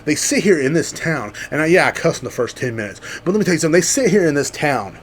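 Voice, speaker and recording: A man rants on his own podcast, rambling and swearing freely. His pitch swings widely as he gets heated and sarcastic, with a faint hiss of noise under the voice. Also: animated, quick pace. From Central Texas, USA. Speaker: podcast host. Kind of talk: casual ranting monologue.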